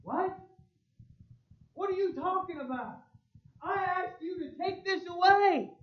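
A preacher putting on a desperate apostle, a middle-aged man who pleads and protests with a strained, high voice. The sound is dull and lo-fi, like an old sermon tape. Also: lively intonation, takes it slowly, exaggerated voice. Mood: indignant. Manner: pleading, then indignant protest. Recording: dull lo-fi recording.

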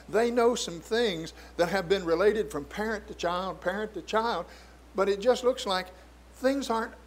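Pastor, male, higher register, questioning sermon delivery, faint hum on the track. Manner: asks many questions of the congregation, mock-humorous asides.

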